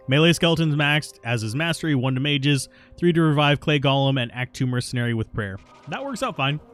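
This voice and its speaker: A man's voice: on the high side, expressive, a little fast, fairly bright tone, faint music behind. A man streaming a video game live, chatting casually and answering viewers' questions between plays, stubborn and self-mocking. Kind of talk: casual live gameplay commentary.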